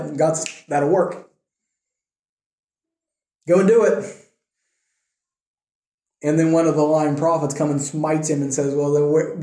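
A man teaching a Bible passage in a relaxed, conversational way, retelling scripture in everyday speech and often checking in with "right?". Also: on the high side. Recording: echoey room.

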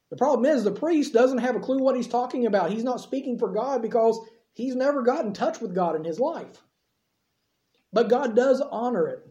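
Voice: mid-range voice, moderate pace, warm tone. A preacher giving a sermon who retells the story in plain, conversational language with casual asides. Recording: echoey, slightly dull sermon recording.

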